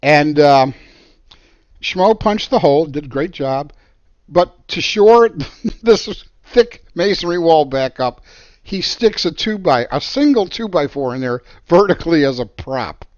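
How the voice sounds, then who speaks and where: Animated male storyteller, expressive pitch. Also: unhurried, no room sound, muffled recording. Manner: animated, emphatic. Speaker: architect. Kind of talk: storytelling monologue.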